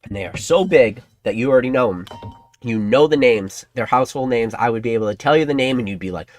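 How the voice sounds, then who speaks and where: A man's voice: mid-range voice, quick pace. A man hosting a trading card channel, talking in a casual, rambling, conspiratorial way to his viewers. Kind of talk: casual commentary to camera.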